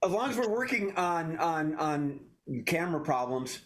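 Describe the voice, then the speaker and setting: A man's voice: a little high, very animated, moderate pace, fairly bright tone. A man hosting an online improv comedy show, announcing games and scene prompts in a jokey way. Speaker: improv game host.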